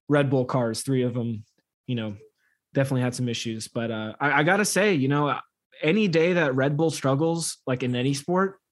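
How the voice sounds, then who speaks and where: A man co-hosting a casual soccer podcast, talking in an emphatic, opinionated way. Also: mid-range voice. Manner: emphatic, opinionated, quick to laugh at the league. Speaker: podcast co-host.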